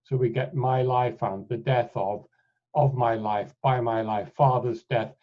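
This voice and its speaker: A man leads an online lecture, walking listeners through a software demo in an unhurried, measured way. He thinks aloud and often breaks off to restart a phrase. His voice sits at an ordinary pitch and comes through a computer mic as dull, lo-fi call audio. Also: steady tone. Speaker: webinar presenter. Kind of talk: live software demonstration lecture. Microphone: computer mic on a video call.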